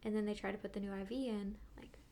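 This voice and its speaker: A woman guest recounts events in a loose, chatty way, her voice often sliding into a gravelly fry. She gets animated and now and then drops to a hushed whisper. Her pitch sits in an ordinary middle range, with a faint hum of noise behind her. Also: fast. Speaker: podcast guest, midwifery student. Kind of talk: casual storytelling.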